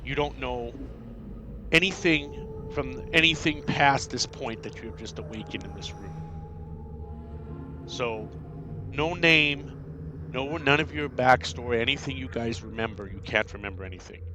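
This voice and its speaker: A man narrating a tabletop game as game master, halting and repeating himself with many fillers. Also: medium pitch. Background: background music.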